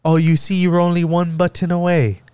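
A courteous male tech support agent on a help line, raised in pitch, as a man puts him on while telling a story. He walks the caller through each step with patient, polite instructions. The voice stays smooth and clear. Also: little pitch movement, moderate pace, a little mellow, no echo, natural voice.

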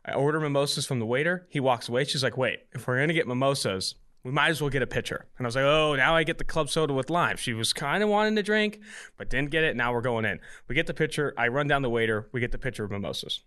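A young man hosting a podcast, telling a dating story casually in an animated way with lots of quoted dialogue. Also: mid-range voice, quick pace. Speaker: podcast host.

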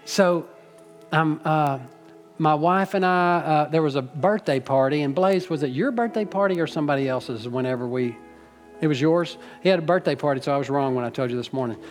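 A man's voice: on the high side, fairly quick, faint music behind. A middle-aged man preaching a sermon to his church, folksy and rambling, teasing the congregation and getting emotional. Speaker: pastor. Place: church sanctuary.

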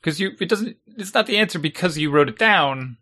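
A man's voice: on the high side, a little fast. Middle-aged guy ranting casually about his kid's homework, fired up and exasperated. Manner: exasperated, animated storytelling. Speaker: parent. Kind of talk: casual chat.

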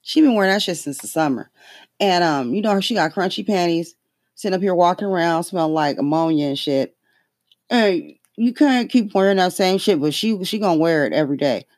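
A podcast host in a casual political rant, talking in a profane, heated, emphatic way with sudden leaps in pitch when outraged. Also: lively intonation, brisk, a little mellow, no room sound, clean studio sound.

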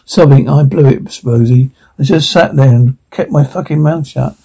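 An actor playing a broke, bitter blue-collar father in an animated comedy, ranting profanely and full of self-pity. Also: mid-range voice, normal speed, creaky, husky. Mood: despairing.

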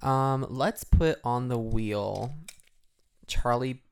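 A woman's voice: extremely low pitch, extremely slow, darkish tone, clean tone. A woman co-hosting a casual podcast, chatty, laughing often and trailing off mid-sentence. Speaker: podcast co-host.

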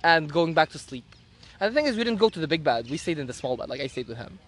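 A man telling a story in casual chat, animated, laughing often and acting out what people said. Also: fairly high pitch, quick pace.

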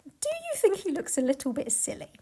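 A woman's voice: very high-pitched, huge pitch swings, a little fast, warm tone. A woman co-hosting a podcast, reading a book aloud in a casual way with joking asides and laughs. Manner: laughing, joking asides between read passages.

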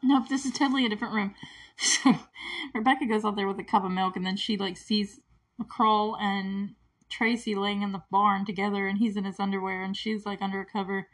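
A woman's voice: medium pitch, fairly even intonation, brisk, a bit bright. A woman casually recapping a movie plot, chatty and giggly, with constant "like" fillers. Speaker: movie reviewer. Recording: voice a bit distant from the mic.

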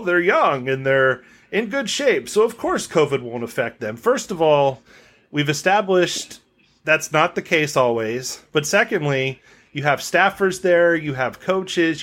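A man's voice: a little high, a bit bright. A young man co-hosting a casual podcast, talking in a sarcastic, ranting way. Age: young adult. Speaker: podcast co-host.

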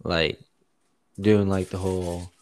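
A man's voice: low-pitched, a little slow, a little mellow. A man chatting casually as co-host, loose and slangy with many fillers. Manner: loose, slangy, filler-heavy, laughs easily. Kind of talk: casual chat.

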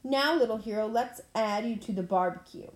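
A woman voicing a boastful, brutal male war god who taunts loudly, in an echoey room. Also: on the high side, moderate pace, close to an everyday voice. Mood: taunting. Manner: taunting, loud and cocky.

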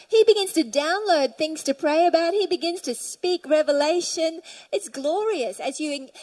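A woman's voice: sits high, a little mellow, rough recording. Fervent woman preaching a sermon. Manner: fervent, reads scripture aloud and tells stories. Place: church.

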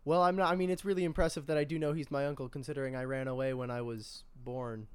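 A man voicing a young runaway male Wowpacker creature who talks quietly, rambles and throws in quick deadpan asides. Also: medium pitch, clear, resonant tone, close to an everyday voice. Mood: awkward.

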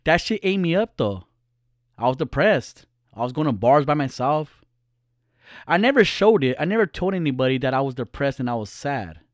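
A man's voice: mid-range voice, big pitch swings, normal speed, no room sound, clean studio sound. A middle-aged man telling a personal story casually, blunt and profane, acting out the voices.

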